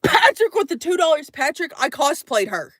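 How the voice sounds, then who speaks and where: A woman telling a story to her live audience in a casual, animated way, swearing and acting out the voices in it. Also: sits high, moderate pace, dry recording.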